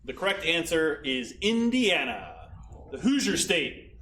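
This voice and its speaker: A man's voice: on the high side, very animated, unhurried, pushed and bright. Man hosting trivia in an echoey room. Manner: reads questions and answers, banters and teases. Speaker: trivia host. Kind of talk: casual livestream trivia hosting. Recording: echoey room with faint background noise.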